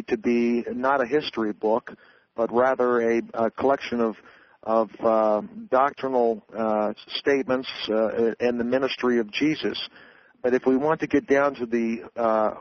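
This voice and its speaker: In a radio interview, a male author lays out his views in an earnest, lecturing manner, frequently starting his sentences over. His voice sits in the mid range with no room sound, and the audio is dull and dry.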